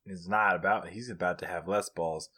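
Lower-voiced man bantering crudely. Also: fairly even intonation, moderate pace, sharp tone. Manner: joking banter with crude humor. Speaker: podcast co-host. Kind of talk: casual chat.

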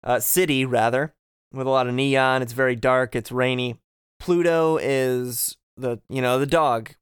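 Co-hosting a casual podcast, a man recaps a video game from his notes, joking and laughing often. His mid-range voice is clear and resonant, fairly even in intonation and a little slow, picked up by a close podcast mic with clean studio sound and no room sound.

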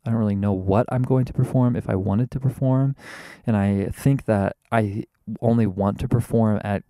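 A man hosting a podcast from inside his car, rambling and wordy in a casual monologue, mocking himself and now and then leaping into a theatrical high voice. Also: steady tone, normal speed, dark tone, no room sound. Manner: rambling, wordy and self-mocking, with sudden theatrical jumps in pitch. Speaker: podcast host. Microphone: podcast microphone.

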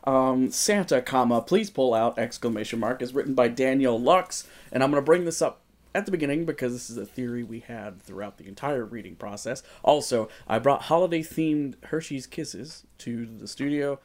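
A man hosting a podcast in a studio, talking loose and irreverent. He jokes and laughs his way through the chat and swears freely. His voice sits at an ordinary middle pitch. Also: normal speed, a little mellow. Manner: joking, laughs often, profane banter. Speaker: podcast host. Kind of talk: casual comedic podcast chat.

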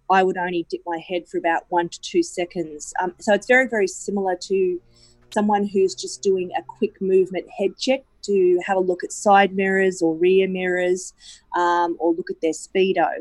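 A woman answering interview questions on a radio program, explaining at length with many pauses and restarts. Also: fairly low pitch, fairly even intonation, a little mellow, dry recording. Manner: hesitant, many ums and restarts.

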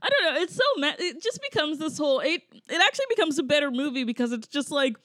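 A woman's voice: sits high, very animated, fast talker, a bit bright, dry recording, studio quality. A woman, co-host of a podcast, discussing a movie in casual chat, loose and giggly.

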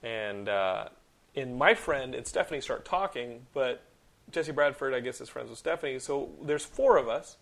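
A man in his thirties hosting a podcast, telling stories in casual chat with lots of swearing and animated outbursts. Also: mid-range voice, moderate pace, creaky. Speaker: podcast host.

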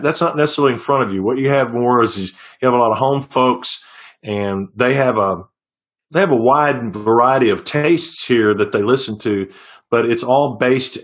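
A middle-aged singer-songwriter talking casually in an interview, telling long stories with many restarts and fillers. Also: male voice, mid-range voice. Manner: rambling storyteller with frequent restarts.

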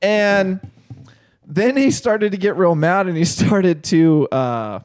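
A man's voice: high voice, lively intonation, takes it slowly, darkish tone, smooth, no echo, studio quality. A young man co-hosting a casual comedic podcast, telling stories, laughing often and saying "dude" a lot. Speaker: podcast co-host.

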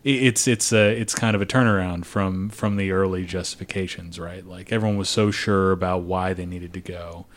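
A man's voice: deep voice, fairly even intonation. A young man co-hosting a movie podcast, talking casually with jokes and fillers. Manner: joking, quick asides, filler words. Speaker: podcast co-host. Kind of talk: casual chat.

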